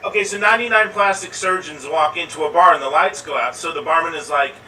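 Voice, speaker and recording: A man's voice: fairly high pitch, fast, pushed and bright. A man telling improv jokes in a chatty way, laughing at his own setups. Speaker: improv performer. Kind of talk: casual joke telling. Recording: roomy, distant mic with faint noise.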